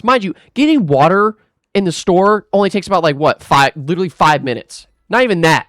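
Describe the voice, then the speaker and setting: A man's voice: a little high, big pitch swings, fairly quick, fairly bright tone, dry recording. Young guy venting while gaming, rambles and swears a lot, says bro, dead dry sound. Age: young adult. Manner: rambling and aggrieved, swearing, full of restarts and "bro". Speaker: gaming vlogger. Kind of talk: casual storytime rant while gaming.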